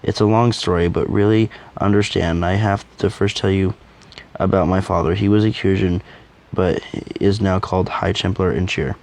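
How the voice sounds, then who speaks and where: A man's voice: low voice, fairly even intonation, moderate pace, creaky, darkish tone. A man voicing a young female beast-woman with a canine face, speaking hesitantly and apologetically in a fan audio drama. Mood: quiet.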